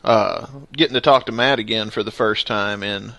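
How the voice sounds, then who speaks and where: A man's voice: on the low side, moderate pace, vocal fry, pushed and bright, no room sound. A man hosting a casual podcast, joking and upbeat, with a lot of laughter. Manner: jokey and upbeat, laughs often. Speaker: podcast host.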